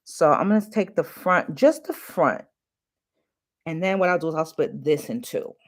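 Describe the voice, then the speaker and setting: A woman's voice: sits low, lively intonation, normal speed. A middle-aged woman chatting casually through a hair tutorial, confiding and full of fillers, recorded on a phone. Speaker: natural hair vlogger.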